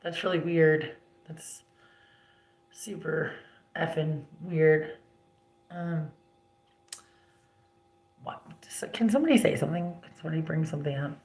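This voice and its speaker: A woman's voice: sits low, a little slow, long pauses, darkish tone, reverberant. A young woman hosting a casual livestream, telling family stories bluntly, with heavy swearing and many "like" fillers. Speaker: livestream host.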